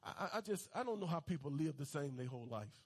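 A man's voice: fairly high pitch, expressive, fast talker, slightly rough. A male pastor preaching a fervent sermon, calling on his congregation to repeat lines back to him. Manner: fervent, call-and-response preaching.

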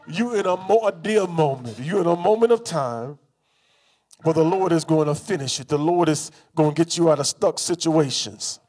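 A man preaching a sermon, leading the congregation in call-and-response with rhythmic repetition and drawn-out, emphatic lines. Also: high voice, darkish tone, slightly rough. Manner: call-and-response, has congregation repeat phrases.

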